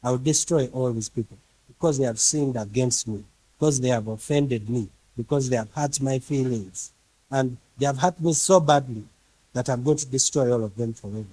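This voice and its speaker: A preacher mocking a furious, petty God. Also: male voice, mid-range voice, moderate pace, warm tone, no echo, lightly acted, poor audio. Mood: ranting. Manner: ranting, self-pitying, repetitive threats. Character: furious petty male God, sulky, vengeful. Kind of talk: mocking caricature in a sermon.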